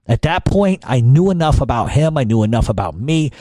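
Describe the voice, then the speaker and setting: A man's voice: mid-range voice, very animated, fairly quick, mellow, no room sound, clean studio sound. A middle-aged man telling a long story in casual talk, cursing often and restarting his sentences. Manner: profane, rambling, many restarts. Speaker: podcast storyteller.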